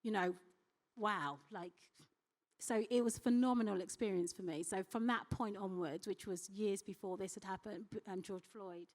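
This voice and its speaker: A woman speaks as a company executive on a conference panel, telling a personal story with real animation. She acts out quoted voices as she goes, and her voice sits at a middle pitch. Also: normal speed.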